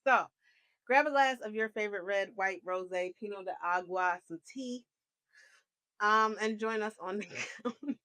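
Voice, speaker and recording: A woman's voice: medium pitch, measured pace, long pauses, bright, forceful tone. A woman co-hosting a podcast, introducing guests and chatting in an upbeat, welcoming way. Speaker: podcast co-host. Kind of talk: casual chat.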